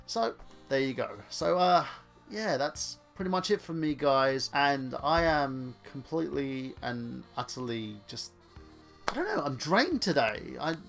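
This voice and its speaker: A man's voice: a little high, vocal fry, a bit bright. An English man vlogging, talking earnestly and rambling with many restarts. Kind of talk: casual opinion vlog.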